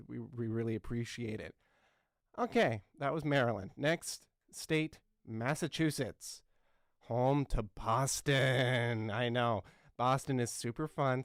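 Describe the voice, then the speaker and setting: A man's voice: medium pitch, no room sound, studio quality, close to an everyday voice. A man playing a clueless, rambling young radio host. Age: 20s. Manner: rambling and repetitive, heavy with ums and uhs. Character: earnest, clueless young male talk show host. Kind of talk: satirical talk show comedy.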